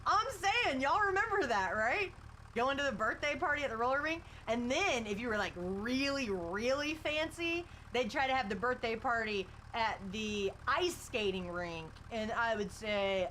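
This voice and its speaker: A woman with a fairly high voice chats casually with her live-stream viewers, laughing often between remarks. She talks from a farm over a faint tractor engine hum. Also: lively intonation, moderate pace, bright, forceful tone. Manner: chatty, laughs often, reads and answers chat. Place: outdoors on a farm, driving a tractor.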